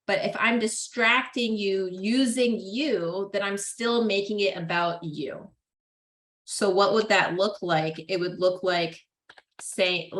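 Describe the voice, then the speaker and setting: A woman's voice: medium pitch, fairly bright tone. Young woman teaching psych class, chatty, lots of like and right, echoey classroom. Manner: chatty, lots of "like" and "right?", acts out what parents say. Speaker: psychology lecturer. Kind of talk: casual classroom lecture. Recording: roomy echo.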